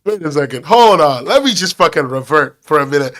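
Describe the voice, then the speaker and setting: A man's voice: a little high, expressive, a little fast, fairly bright tone. A man streaming while he draws, chatting casually in a neutral northeastern American accent, rambling and teasing. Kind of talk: casual chat while drawing.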